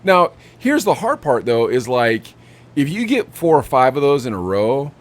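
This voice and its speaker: A young man co-hosting a podcast, telling animated stories about customers at his vape shop and acting out what they said. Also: mid-range voice, moderate pace. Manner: animated storytelling, acts out customers. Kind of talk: casual chat.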